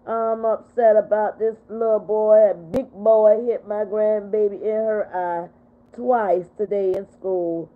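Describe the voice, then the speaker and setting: An older woman hosting a casual livestream, talking in a heartfelt, repetitive way while she is upset but steady. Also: medium pitch, slow pace. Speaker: livestream host. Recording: tinny phone-like sound.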